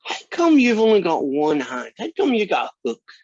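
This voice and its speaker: A man voicing an eager little boy who keeps asking excited questions, in a dull, husky-sounding recording. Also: high-pitched, normal speed, no echo, pitched above the performer's own voice, full character voice.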